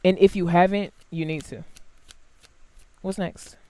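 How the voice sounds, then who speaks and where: A tarot reader giving a casual, blunt and heavily profane reading to camera, swinging between quiet asides and loud outbursts. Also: fairly even intonation, a little slow. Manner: big jumps in pitch and loudness.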